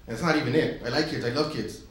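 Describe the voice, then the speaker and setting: A man's voice: medium pitch, fast talker. A man doing a stand-up comedy set in a comedy club, crude and brash, acting out characters as he goes. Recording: very echoey live club recording with room noise.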